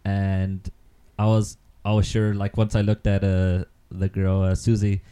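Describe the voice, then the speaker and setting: A man with a low, very dark voice chats casually on a podcast. He rambles through stories, filling gaps with ums and quick laughs. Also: monotone, clear, resonant tone. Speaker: podcast co-host. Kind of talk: casual chat.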